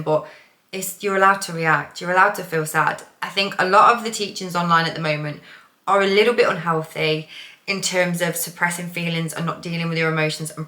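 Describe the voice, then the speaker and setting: Woman coach, casual and chatty, swears freely, bright forceful tone, echoey room. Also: lowish voice. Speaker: manifestation coach. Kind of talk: casual vlog talk. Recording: roomy echo.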